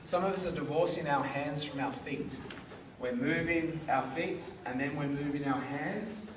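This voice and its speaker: Male karate instructor, slightly high voice, demonstrates and checks in often; distant mic, faint hiss. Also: measured pace. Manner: demonstrating, constantly checks in with the group. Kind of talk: teaching a seminar class. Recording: echoey hall, recorded from far off.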